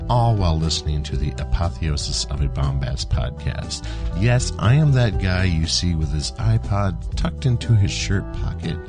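A low-voiced man rambles through a giddy, mock-confessional testimonial about his own silly habits. His deep voice bounces between hushed asides and excited bursts, with guitar music clearly audible underneath. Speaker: listener sending voice feedback.

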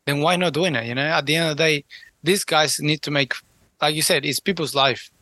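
A man's voice: on the high side, a little fast, dry recording. A man co-hosting a casual wrestling podcast, talking loosely and laughing, with some swearing. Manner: animated, laughing, loose profane talk. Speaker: podcast co-host. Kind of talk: casual chat, wrestling review.

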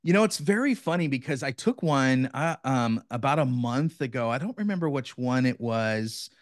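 A man's voice: mid-range voice, normal speed, dry recording, clean studio sound. Enthusiastic man, casual podcast guest. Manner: energetic, enthusiastic, says "bro" a lot. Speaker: podcast guest, business coach. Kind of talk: casual chat.

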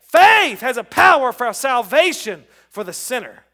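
A middle-aged man preaching a sermon, calling on the congregation and rising from soft talk to loud shouts. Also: extremely high pitch, big pitch swings, a little slow. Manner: calls on the congregation to respond. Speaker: pastor.

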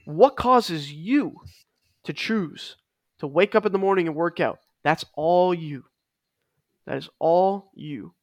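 Emphatic man, brightish voice, dry sound. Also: on the high side, slow pace, no echo. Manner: energetic, emphatic, repeats key lines. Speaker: podcast co-host. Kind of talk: casual fitness chat.

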